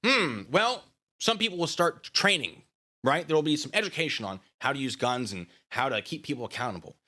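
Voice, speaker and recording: Sarcastic guy ranting on his channel, bright voice, pitch bouncing all over. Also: lively intonation, fairly quick. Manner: taunting, sarcastic, goading. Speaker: channel host. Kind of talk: ranting commentary to camera.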